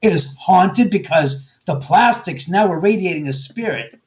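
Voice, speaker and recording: A man's voice: high voice, lively intonation, unhurried. A man being interviewed as a guest, talking bluntly with plenty of swearing and acting out quotes as he tells his stories. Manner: blunt, profane, storytelling with acted quotes. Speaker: guest, haunted house owner. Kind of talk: animated interview talk.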